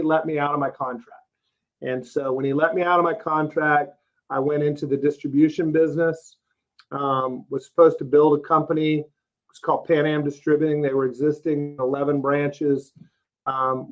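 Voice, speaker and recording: Fairly high with little pitch movement, this man talks fairly quickly. He's a roofing company CEO from Texas, in his fifties, recounting his career in a relaxed interview, folksy and plain-spoken with frequent "uh"s and "you know"s. The recording is lo-fi and a touch dull.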